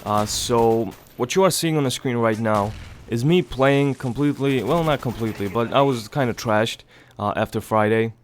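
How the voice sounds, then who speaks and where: Hushed, stuffy-nosed young man. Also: normal speed, slight background noise. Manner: hushed low voice to avoid waking others; rambling, many fillers, swears casually. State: stuffy nose from a cold. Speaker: gaming channel host. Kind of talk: casual gameplay commentary. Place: home, early morning.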